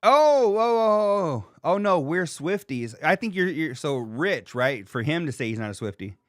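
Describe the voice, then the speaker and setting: A man in his thirties hosting a podcast in casual chat, animated and profane, reading comments from a live chat. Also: a little high, moderate pace, no room sound, clean studio sound. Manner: animated, profane, laughs and mimics people. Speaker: podcast host.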